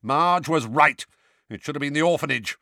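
A man's voice: fairly high pitch, moderate pace, bright, forceful tone, dry recording, studio quality, pitched above the performer's own voice. A man voicing a blustering, bullying middle-aged uncle who roars. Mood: contemptuous. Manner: roaring.

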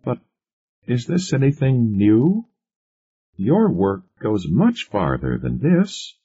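A man's voice: mid-range voice, huge pitch swings, slow pace, dark tone, slightly rough, no echo, pitched above the performer's own voice, exaggerated voice. A man voicing a skeptical woman who questions and presses insistently. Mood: doubtful. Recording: muffled lo-fi recording.

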